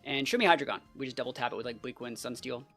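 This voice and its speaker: A young adult giving casual, excitable live gameplay commentary as a channel host, full of "like" and "bro". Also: mid-range voice, rapid-fire, soft background music. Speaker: competitive battle player and channel host.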